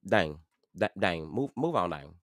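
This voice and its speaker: A man with a low voice runs a live stream, talking straight to his viewers with preachy, animated energy. The sound is dry and close, with no room around it. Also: measured pace, no echo. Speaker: livestream host. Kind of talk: livestream commentary.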